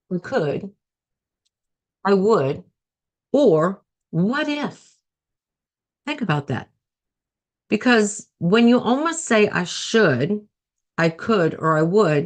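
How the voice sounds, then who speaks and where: A middle-aged woman hosting a podcast as a life coach, talking casually and repeating phrases for emphasis. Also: medium pitch. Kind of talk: casual solo podcast talk.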